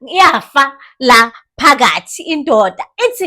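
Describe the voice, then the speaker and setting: Animated South African woman, high voice. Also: measured pace. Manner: animated, switches languages mid-sentence, laughs often. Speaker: commentary vlogger. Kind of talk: casual chat commentary.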